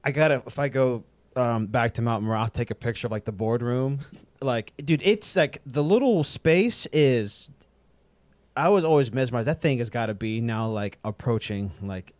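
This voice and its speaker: Young man, casual chat, rambling, even pitch, dry close sound. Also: normal speed, no room sound. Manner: rambling, animated, imitates drum sounds.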